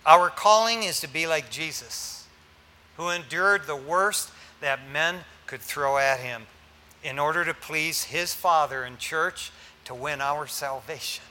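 An older man, a pastor, preaching a sermon in a lively, joking way to his congregation. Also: on the high side, measured pace, a little hiss or hum.

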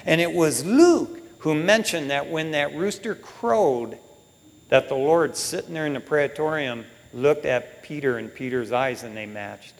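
Male preacher, casual slangy sermon, fairly high voice, long hall reverb. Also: a little slow, vocal fry. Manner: casual, slang-filled, animated.

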